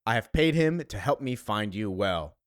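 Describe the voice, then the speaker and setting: A man's voice: lowish voice, animated, normal speed, lightly acted. A man reading a taunting outlaw villain. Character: menacing male outlaw villain.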